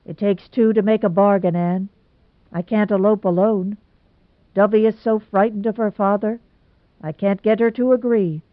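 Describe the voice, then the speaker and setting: A woman's voice: mid-range voice, fairly even intonation, normal speed, dry recording, lightly acted. A woman voicing a gloomy, lovesick young man, earnest and emphatic as he pours out his woes. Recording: tinny phone-like sound, dry.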